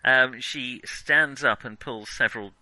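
A man's voice: mid-range voice, measured pace, pushed and bright, no room sound, low-quality recording. A man narrating a tabletop game as game master, hesitant and full of ums.

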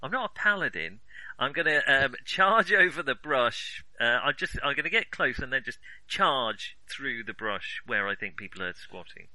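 A man voices his character during a tabletop role-playing session. His voice is very bright and his pitch swings widely as he jokes and plans. The sound is close and dry. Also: normal speed, no echo, rough recording. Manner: playful, lively. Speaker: player. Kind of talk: casual tabletop play.

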